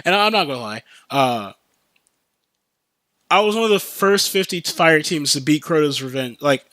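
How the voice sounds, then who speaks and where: A young man rambles excitedly through a casual solo podcast, piling up filler words as he goes. His voice sits a little high and rings bright and forceful. The sound is close and dry, with no room around it. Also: normal speed, no echo. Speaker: podcast host.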